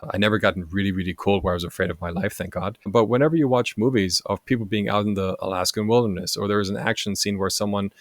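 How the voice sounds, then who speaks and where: A man in his forties from Germany, a native German speaker, chatting as a podcast guest in a lively storytelling way and often tagging his sentences with "right?". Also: lowish voice, fast, few pauses, no echo. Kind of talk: casual storytelling chat.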